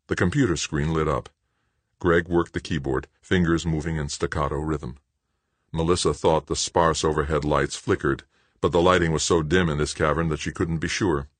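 A man narrating an audiobook in a steady, measured storytelling voice. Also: very deep voice, no room sound.

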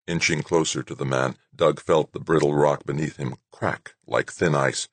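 A man reading an audiobook as narrator in a steady, measured way. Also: rumbling low, dry recording. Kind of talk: scripted narration.

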